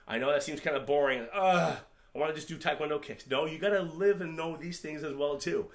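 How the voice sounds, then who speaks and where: A man's voice: on the high side, brisk. A middle-aged man teaching an online taekwondo class, encouraging and patient, and repeating terms for his students to say back. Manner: encouraging, coaching, repeats terms for learners to echo. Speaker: taekwondo instructor.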